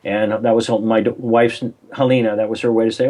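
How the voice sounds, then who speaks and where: Older man, rambling storyteller, mid-pitched voice, remote call. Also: steady tone, fast talker, hardly any pauses, a little mellow. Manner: rambling, acts out phone voices, frequent restarts. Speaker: guest, coach. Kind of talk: casual storytelling interview.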